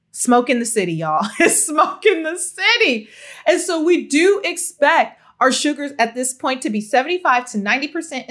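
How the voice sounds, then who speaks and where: A woman giving child-speech advice to parents in a solo monologue, talking emphatically and affectionately straight to her listeners. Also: sits high. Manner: expressive, emphatic, affectionate direct address.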